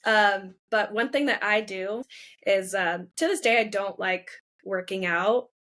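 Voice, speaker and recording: A woman's voice: medium pitch, measured pace, a bit bright. A woman hosting an interview, chatting casually and agreeing with her guest. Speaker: host. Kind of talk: casual conversation.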